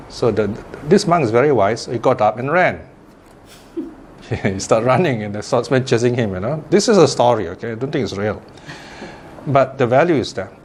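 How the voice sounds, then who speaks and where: A man's voice: mid-range voice, a little fast, a little mellow, a little hiss or hum. A man, a Buddhist teacher giving a chatty Dharma talk, laughing often and tossing in asides. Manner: chatty, laughs often, lots of "you know".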